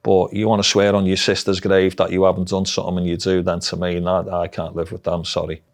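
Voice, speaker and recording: A man's voice: deep voice, monotone, a little fast, vocal fry. A middle-aged man with a Liverpool Scouse accent, telling his life story bluntly and frankly in an interview. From Liverpool, England. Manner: blunt, dialect-heavy, frank. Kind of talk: candid personal storytelling.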